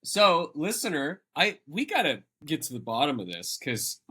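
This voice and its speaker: A man's voice: a little high, huge pitch swings, normal speed, sharp tone, slightly rough. A man co-hosting a podcast in casual chat, rambling and laughing often. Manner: laughing, rambling, self-interrupting. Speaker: podcast co-host.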